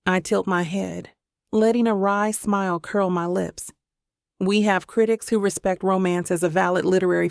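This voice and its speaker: A woman narrating a first-person romance audiobook in an expressive storytelling manner on a close mic. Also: medium pitch, vocal fry, dry recording.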